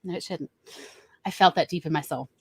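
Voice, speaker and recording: A woman's voice: deep voice, brisk, a little mellow, husky, no room sound. A woman with a Southern US accent hosting a casual livestream chat, rambling and laughing easily. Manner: chatty, rambling, laughs often. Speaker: host.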